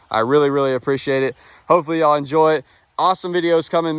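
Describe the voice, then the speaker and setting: A young man with a drawl chats easily to his viewers, calling them y'all. His voice sits at an ordinary pitch. The sound is dry and close, with little room echo. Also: a bit bright, clean tone. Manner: laid-back, chatty, addresses viewers as y'all. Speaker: vlogger. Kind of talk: casual vlog talk to viewers. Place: outdoors by a vehicle in rain.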